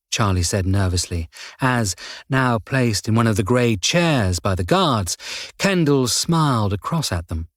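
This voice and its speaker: A man's voice: mid-range voice, no room sound. Man reading a crime audiobook, dry. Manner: steady, measured reading. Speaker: audiobook narrator. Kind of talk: scripted narration.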